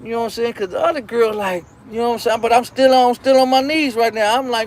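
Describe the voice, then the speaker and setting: A man's voice: extremely high pitch, fast, few pauses. A male live-show host telling a long, crude anecdote in loose slang, rambling and repeating "you know what I'm saying". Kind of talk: live-stream storytelling.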